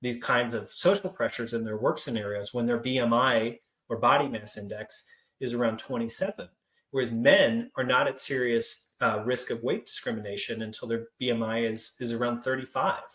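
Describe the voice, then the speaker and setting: A young adult man from Central Kentucky leading a training presentation, telling stories in a relaxed, conversational way with frequent fillers. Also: mid-range voice, normal speed. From Central Kentucky, United States. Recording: roomy echo.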